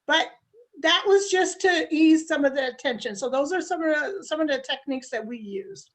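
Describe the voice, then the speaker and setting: A woman's voice: high voice, lively intonation, normal speed. A mother and life coach earnestly giving parenting advice, acting out what she says to her child. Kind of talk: animated advice talk.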